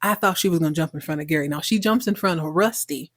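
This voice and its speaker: A woman hosting a podcast, animatedly recapping a TV episode in a casual, excitable way. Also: low-pitched, fast talker, dry recording, studio quality. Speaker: podcast host.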